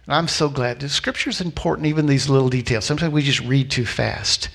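A man preaching a sermon as a pastor, telling a story with lively acted-out voices and repeating key lines slowly for emphasis. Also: mid-range voice, vocal fry. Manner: animated storytelling, acting out voices of people in the story.

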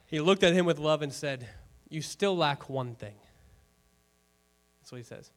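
A man preaching a sermon to his congregation, talking to the room in a lively, conversational way, with joking asides and rhetorical questions. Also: on the high side, measured pace. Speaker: pastor. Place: church before a congregation.

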